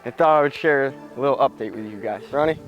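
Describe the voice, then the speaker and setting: A young man filming a casual vlog in his backyard, excitable and slangy, talking straight to his viewers. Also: mid-range voice, quick pace, lo-fi sound, soft background music. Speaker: vlogger. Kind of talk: casual outdoor vlog narration. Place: backyard outdoors.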